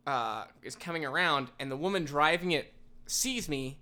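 A man co-hosting a casual podcast, telling a story with lively acted-out quotes. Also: on the high side, moderate pace. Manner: animated, acts out quoted people in raised voices. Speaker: podcast co-host.

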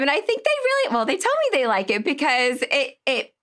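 A woman's voice: high-pitched, wildly swooping pitch, fairly quick, fairly bright tone. A woman co-hosting a casual chat, effusive and laughing, fighting back tears as she thanks her community. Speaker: community founder and co-host.

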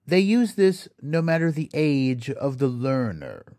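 A man narrates a language lesson for his podcast, his pitch moving in a lively, animated way. He speaks slowly and deliberately, spelling out words letter by letter. The recording is dry and close, with no room sound. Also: no room sound. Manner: slow, careful explaining, spelling words out letter by letter. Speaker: podcast host. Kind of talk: scripted educational narration.

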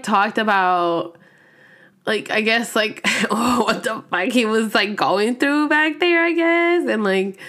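A woman hosting a podcast, telling a personal story in a casual, rambling way, full of slang, swearing and "like" fillers. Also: mid-range voice. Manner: rambling, profane, heavy use of "like" fillers; slang-filled, laughs when nervous. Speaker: podcast host.

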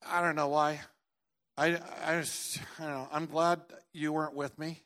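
A middle-aged man preaching in a church, his somewhat high voice leaping from near-shouts down to low, earnest tones. He tells his story with animated energy and drops in the odd joke. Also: moderate pace. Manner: animated storytelling, swinging from loud outbursts to quiet earnest tones; jokey asides. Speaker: pastor. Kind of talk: sermon.

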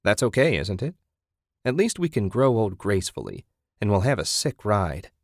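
Man doing eager car-loving husband, enthusiastic, pitch jumps up, low voice. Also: very animated, normal speed, no room sound, studio quality. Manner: enthusiastic, defensive.

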